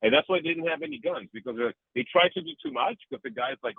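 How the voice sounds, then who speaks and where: A man talking in a casual interview, animated, rambling and profane. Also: mid-range voice, quick pace, vocal fry, husky, dry recording. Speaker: interview guest. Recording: dry, tinny phone-like line.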